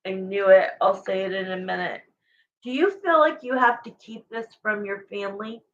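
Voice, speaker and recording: Tarot reader, woman, chatty and emotional, unhurried delivery, slightly muffled audio. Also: mid-range voice, fairly bright tone. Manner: rambling, chatty, emotional, searches for words. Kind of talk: live-stream tarot reading to viewers.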